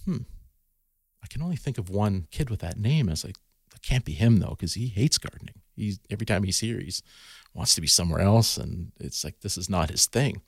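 A man's voice: lowish voice, lively intonation, brisk, breathy edge, no echo, studio quality. A man, a garden educator, talking casually as a podcast guest and telling stories with lots of restarts and fillers. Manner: storytelling, many restarts and fillers.

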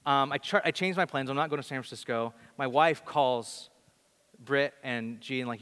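A man preaching a sermon and telling a story in an animated, conversational way, with frequent restarts. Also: a little high, normal speed, smooth. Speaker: pastor. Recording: long hall reverb.

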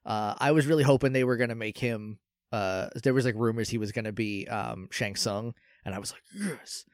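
A young man chatting casually about movies, rambling with fillers and quick laughs. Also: lowish voice, no echo, studio quality. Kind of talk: casual chat.

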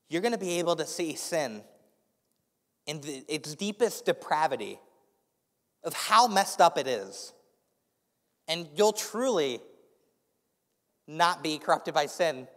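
Male pastor, slightly higher voice, slight lisp, earnest sermon delivery in a big reverberant church hall. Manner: earnest, restarting phrases, dropping soft for guided imagery. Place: church sanctuary with a live congregation. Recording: long reverb of a large hall.

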